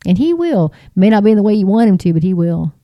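A woman's voice: mid-range voice, very animated, fast, dry recording, lo-fi sound. A woman giving a casual Christian testimony, chatty and emphatic with folksy phrasing. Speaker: Christian speaker.

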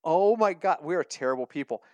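A man's voice: on the high side, animated, brisk, dry recording, highs cut off. A man co-hosting a casual sports betting podcast, telling stories animatedly and laughing at his own jokes. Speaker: podcast co-host.

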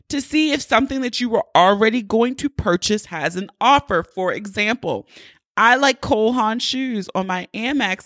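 A woman's voice: medium pitch, fairly bright tone, dry recording, studio quality. Playful, chatty woman podcast host. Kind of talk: casual solo podcast chat.

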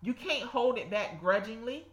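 A woman's voice: fairly high pitch, lively intonation, moderate pace, echoey room. A woman preaching informally to her listeners, fervent and repetitive, breaking into laughs and exclamations. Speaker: podcast host and Bible teacher.

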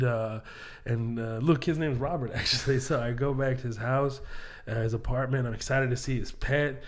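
A man, a comedian guest, telling a story in casual chat and acting out the voices in it. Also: mid-range voice. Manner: animated storyteller, acts out voices, laughs often.

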